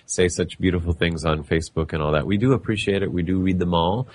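A man with a non-native accent hosting a studio talk show, playful, halting, with many restarts and laughs. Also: low-pitched, fairly even intonation. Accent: non-native English accent. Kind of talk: casual studio chat.

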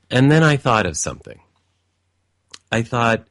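A man's voice: medium pitch, wildly swooping pitch, normal speed, fairly bright tone, no room sound, clean studio sound. A man telling a personal family story in a reflective, meandering way, with frequent restarts and asides.

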